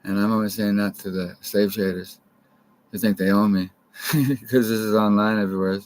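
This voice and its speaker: A man's voice: lowish voice, fairly even intonation, normal speed, a little mellow, poor audio. A man from Canada rambling profanely to camera, jumping from topic to topic.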